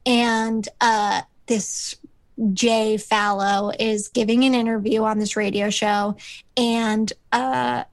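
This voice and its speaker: A woman's voice: on the high side, level tone, slow pace, dry recording. A woman co-hosting a podcast, recapping a sitcom episode in a rambling, casual way with lots of fillers, acting out the characters' lines. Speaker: podcast co-host.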